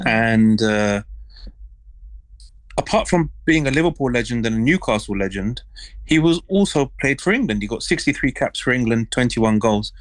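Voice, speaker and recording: Animated male storyteller, dry close sound. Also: medium pitch, dry recording, rough recording. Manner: animated storyteller, lots of fillers. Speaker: panel guest. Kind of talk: casual anecdote telling.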